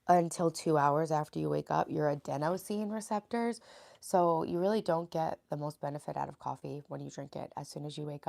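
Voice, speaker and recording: A freshly woken woman in her late thirties from New York talks casually to her live-stream viewers from her bedroom. Her voice is raspy and gravelly, sitting a little low, and she reads out and greets viewers from the chat. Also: warm tone. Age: 30s. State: sleepy, just woke up.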